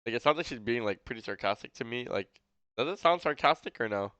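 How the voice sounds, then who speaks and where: A male streamer reacting live in a rambling, incredulous way, padded with fillers. His voice is bright and smooth with a slight lisp. The sound is dry and close. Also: mid-range voice, expressive, fast, no room sound.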